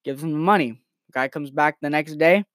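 A man's voice: on the high side, normal speed, a bit bright, dry recording, studio quality. A nineteen-year-old man telling crude jokes and rambling on a casual comedy podcast from his bedroom. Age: late teens. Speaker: podcast host.

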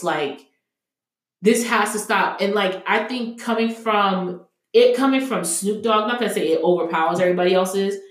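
A young adult woman co-hosting a casual podcast, talking emphatically and heatedly with many fillers. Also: mid-range voice. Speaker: podcast co-host. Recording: echoey room.

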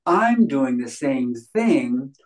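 A man's voice: mid-range voice, big pitch swings, drawn-out words, poor audio. Male interview guest, mid-range voice, earnest and insistent, conversational. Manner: earnest, emphatic, repeats phrases for stress.

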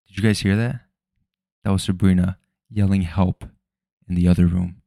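A young man with a low, deep voice talks loosely into the mic. He rambles, swears freely and jumps between thoughts. The sound is dry and close. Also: level tone, moderate pace, gravelly, long pauses, warm tone, dry recording. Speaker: podcast host. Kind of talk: casual solo podcast chat. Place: home room at night.

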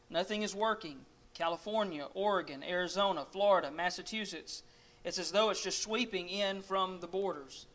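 Man, preacher, dramatic sermon story, high voice. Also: fairly bright tone. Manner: dramatic, second-person storytelling.

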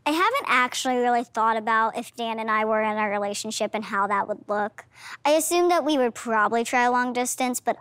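A woman's voice: a little high, brisk, a bit bright, clean tone, no room sound. A young woman in her twenties speaking matter-of-factly in a reality TV interview. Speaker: reality show participant. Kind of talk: reality TV confessional and dialogue.

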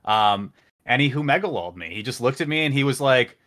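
A man appearing as a podcast guest, telling an anecdote in a jokey, animated way. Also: medium pitch, fairly quick. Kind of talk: casual storytelling.

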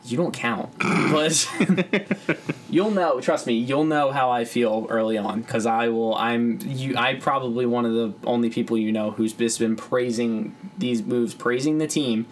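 A man's voice: mid-range voice, measured pace, a little hiss or hum. A young man co-hosting a podcast in casual chat, rambling, swearing freely and laughing often. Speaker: podcast co-host.

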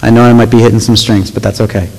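A man's voice: lowish voice, level tone, very fast, a little mellow. A man giving a casual, conversational sermon to a young audience, often checking in with "right?" and reading scripture aloud. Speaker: youth pastor. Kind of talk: youth sermon. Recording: long hall reverb.

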